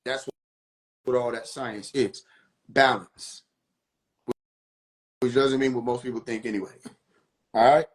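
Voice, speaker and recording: A man's voice: medium pitch, fairly even intonation, unhurried, long pauses. Preachy man lecturing his live audience. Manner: preachy, repeats points, asks the audience questions. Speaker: livestream host. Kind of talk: casual spiritual teaching on a live stream.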